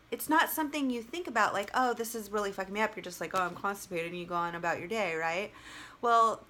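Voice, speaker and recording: A woman vlogger telling a personal story in a casual, animated way, with lots of fillers and free swearing. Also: a little high.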